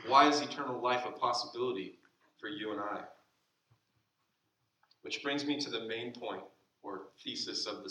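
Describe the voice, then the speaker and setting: A male pastor preaching a sermon, slowing down for emphasis and dropping to soft, quiet asides. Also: mid-range voice. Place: church sanctuary. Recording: roomy church sound from a distant mic.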